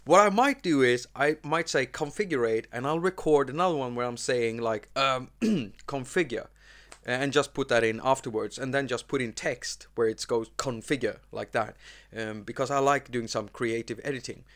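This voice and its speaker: A man hosting a relaxed live stream, talking at a middling pitch. He rambles and restarts his sentences, with plenty of ums along the way. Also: normal speed. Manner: rambling, many fillers and restarts. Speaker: host. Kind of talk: casual live-stream chat.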